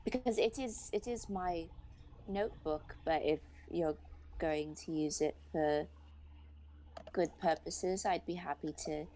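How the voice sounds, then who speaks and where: A woman's voice: on the low side, unhurried, dark tone. A woman playing a tabletop game, polite and speaking in character. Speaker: player. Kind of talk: casual tabletop role-play.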